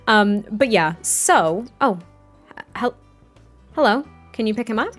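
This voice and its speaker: A woman's voice: medium pitch, normal speed. A woman casually narrating her life-sim gameplay, giggly and rambling with lots of fillers. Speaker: life-sim game YouTuber. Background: faint background music.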